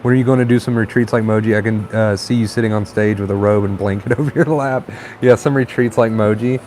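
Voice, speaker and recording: A man's voice: fairly low pitch, fast. Male livestream host, easygoing and encouraging, faint traffic outside. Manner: relaxed, encouraging, reads viewer comments aloud. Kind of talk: casual live-stream chat reading comments.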